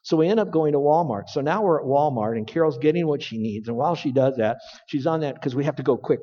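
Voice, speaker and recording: A man's voice: on the high side, animated, fast. A man preaching a sermon, telling a folksy story and building to emphatic points. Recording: dull lo-fi recording with long hall reverb.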